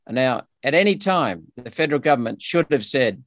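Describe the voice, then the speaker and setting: A man's voice: mid-range voice, lively intonation, a little fast, fairly bright tone, no room sound, studio quality. An Australian man speaking as a politician guest in a podcast interview, emphatic and indignant with frequent restarts.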